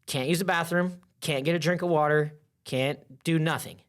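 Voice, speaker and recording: Animated higher-voiced young man telling stories. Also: normal speed. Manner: animated, acts out voices in his stories, heavy filler "like". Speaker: wrestling coach, podcast guest. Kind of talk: casual storytelling chat.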